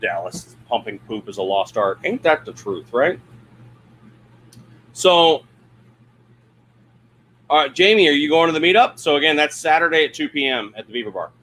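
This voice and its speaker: Bright-voiced man chatting on a livestream. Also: fairly high pitch, lively intonation, moderate pace, long pauses, a little hiss or hum. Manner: rambling, self-deprecating, laughs often, reads chat comments aloud. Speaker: livestream host. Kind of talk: casual livestream chat. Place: RV camper interior at a campground.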